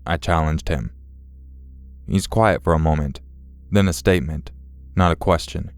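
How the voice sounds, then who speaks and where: Male narrator for scripted horror stories, very deep, smooth and dry, measured delivery. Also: no echo, soft background music. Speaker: story narrator.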